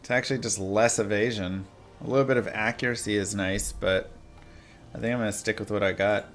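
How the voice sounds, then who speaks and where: A man's voice: lowish voice, brisk. A man streaming live gameplay, chatting and reacting aloud to what happens. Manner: excitable, reacting aloud to the game. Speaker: game streamer.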